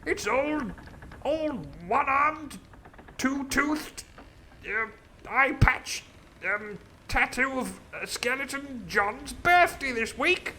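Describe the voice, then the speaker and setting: A man voicing a pompous, upper-class older English squire in a high, plummy toff voice. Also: expressive, slow pace, sharp tone, a little hiss or hum, exaggerated voice. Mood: jolly.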